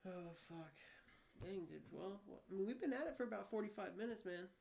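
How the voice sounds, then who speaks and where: A laid-back man hosting a podcast, high and casual, swearing often and calling his guest dude. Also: lively intonation, brisk, gravelly, darkish tone, a little hiss or hum. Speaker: podcast host. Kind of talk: casual chat.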